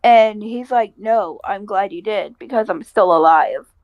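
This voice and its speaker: A woman's voice: mid-range voice, unhurried, no room sound, narrow, tinny audio. A woman co-hosting a casual podcast, bluntly retelling a story with quoted dialogue and swearing. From American Midwest. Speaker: podcast co-host.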